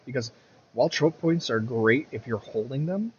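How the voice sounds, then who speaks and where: A man talks through his gameplay in a loose, rambling way, stopping to fix his words and grumbling at the game now and then. He has the hiccups, and his voice sits at an average pitch. The audio is a little dull, with faint game sounds underneath. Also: expressive, normal speed, a little hiss or hum. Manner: rambling, self-correcting, mutters at the game. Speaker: gameplay commentator. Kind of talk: casual gameplay commentary.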